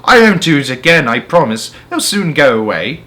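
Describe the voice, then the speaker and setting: A man voicing a cheerful, generous gentleman who calls out from a balcony. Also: a little high, sing-song, normal speed. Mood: apologetic. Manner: calling out loudly, then apologetic.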